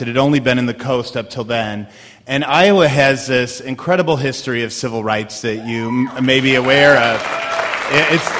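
A man's voice: mid-range voice, a bit bright, big-room sound. A man telling a personal story on a theater stage, conversational and loose, with fillers and restarts. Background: audience.

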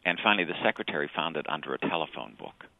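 A man telling anecdotes as a guest on a radio interview, halting at times with fillers. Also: rumbling low, animated, gravelly, no echo, phone-quality sound.

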